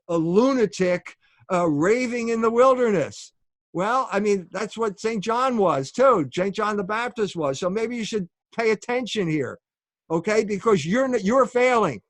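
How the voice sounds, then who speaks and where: A man's voice: high voice, lively intonation, normal speed, dry recording. A man being interviewed as an author, lecturing emphatically, asking rhetorical questions and checking in with "okay?". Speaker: guest author.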